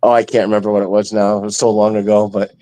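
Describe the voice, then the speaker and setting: Man, lower voice, mellow dark tone, casual asides, dry room. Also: level tone, racing, dry recording. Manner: offhand, chuckling asides. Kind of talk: casual chat.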